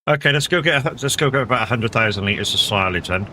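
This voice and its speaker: A man's voice: mid-range voice, animated, fast, bright, forceful tone, a little hiss or hum. A man streaming a farming game live, chatting casually with viewers, laid-back and swearing freely. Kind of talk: casual live gameplay chat.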